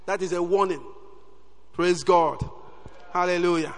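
A man preaching with a high, ringing voice. His delivery is animated, and he keeps breaking in with calls of praise. The sound carries a long hall reverb, as if from a large church. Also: a little slow. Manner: animated, peppers talk with "Hallelujah". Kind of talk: sermon.

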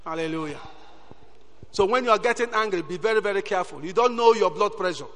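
A man preaching with a high, ringing voice. His delivery is animated, and he keeps breaking in with calls of praise. The sound carries a long hall reverb, as if from a large church. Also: fast. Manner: animated, peppers talk with "Hallelujah". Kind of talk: sermon.

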